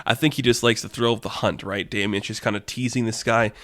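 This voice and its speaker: A young man hosting a podcast, narrating a made-up fight story in a rambling, animated way and laughing at his own jokes. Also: lowish voice, a little fast, no echo. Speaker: podcast host.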